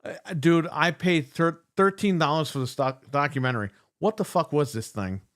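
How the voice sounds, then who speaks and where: A man's voice: on the high side, normal speed, fairly bright tone. A man co-hosting a casual gaming podcast, ranting sarcastically and swearing a lot. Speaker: podcast co-host.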